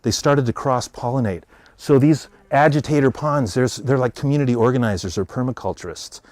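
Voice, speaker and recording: A man with an American accent giving an animated public talk, telling stories and voicing characters in quotes. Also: medium pitch, fairly quick, dry recording. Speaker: speaker.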